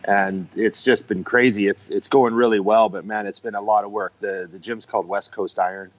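Deep-voiced relaxed man, dull dry sound. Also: moderate pace. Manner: relaxed, easygoing, many fillers. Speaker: podcast guest, gym owner. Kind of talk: casual interview talk.

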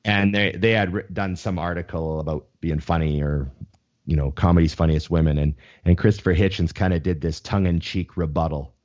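Co-hosting a podcast, a young man rambles through casual conversation, swearing freely and restarting sentences often. His low, slightly mellow voice is a little fast with fairly even intonation, recorded in slightly dull lo-fi sound.

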